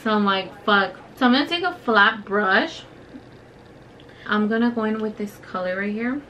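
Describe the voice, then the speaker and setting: A woman's voice: mid-range voice, moderate pace, sharp tone, slight background noise, low-quality recording. A young woman, telling a story in casual, profane, filler-heavy talk while doing her makeup on camera. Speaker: beauty vlogger.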